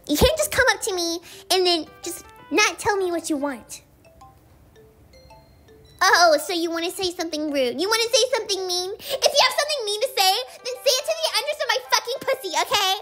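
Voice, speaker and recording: A woman's voice: very high voice, pushed and bright, voice pushed up, heavily acted. A woman voicing a bratty, prickly teen girl in an ASMR role-play, snapping defensively and swearing when riled. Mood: annoyed, defensive.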